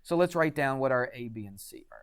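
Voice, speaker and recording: A man's voice: mid-range voice, expressive, a little fast, smooth. A man teaching a math class in a classroom, chatty and quizzing students with frequent questions. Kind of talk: classroom lecture.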